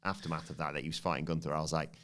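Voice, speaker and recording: A man's voice: very deep voice, fairly even intonation, racing, a bit bright. A man hosting a casual wrestling podcast, joking, laughing often and acting out quotes. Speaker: podcast host.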